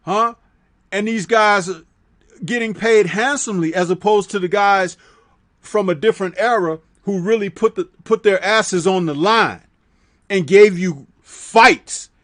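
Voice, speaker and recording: A man's voice: high-pitched, moderate pace, a bit bright. A man guest on a boxing talk show, speaking in an emphatic, lecturing way with rhetorical questions.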